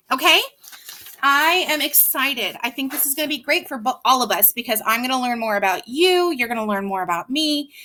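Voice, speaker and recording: Bright high-voiced woman teaching reading. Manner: patient, explains slowly, stretches words out. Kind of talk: recorded reading lesson for young children.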